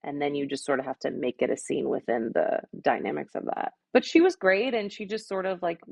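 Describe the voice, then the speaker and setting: A woman's voice: deep voice, lively intonation, brisk, creaky, no echo. A woman in her thirties, an actress guest on a podcast, chatting casually and telling stories with many fillers. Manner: chatty, filler-heavy, warm storytelling. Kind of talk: casual interview chat.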